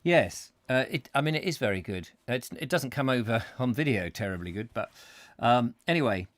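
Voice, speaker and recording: A man's voice: mid-range voice, animated, moderate pace, no echo, studio quality. A man hosting a live book reading, reading expressively and breaking off for casual asides. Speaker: host, book reader.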